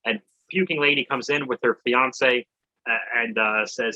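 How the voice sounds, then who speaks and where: A man's voice: medium pitch, unhurried, bright, forceful tone, lo-fi sound. A man co-hosting a comedy podcast, recapping a movie in a rambling, joking way with some swearing. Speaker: podcast co-host. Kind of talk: casual comedy podcast chat.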